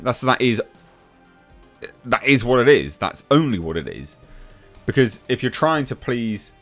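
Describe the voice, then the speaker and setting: Brief: lower-voiced male commentator, sarcastic ranter, faint music bed. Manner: scornful, sarcastic, ranting, voice jumps high when worked up. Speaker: YouTube movie news commentator. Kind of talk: opinionated rant to camera.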